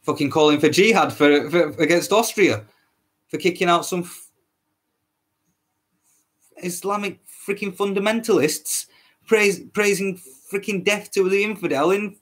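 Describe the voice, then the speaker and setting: A man's voice: high voice, measured pace, pauses often, fairly bright tone. A man hosting a solo podcast, ranting in a heated, repetitive way, swearing often and stumbling over his words. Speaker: podcast host.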